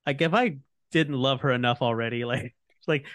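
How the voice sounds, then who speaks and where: A man co-hosts a casual podcast, explaining fantasy game lore in a loose, rambling way full of fillers. His voice sits at an ordinary middle pitch. The recording is dry, with no room sound. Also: normal speed, a bit bright, no room sound. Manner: rambling, heavy on fillers like "you know" and "like". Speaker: podcast host.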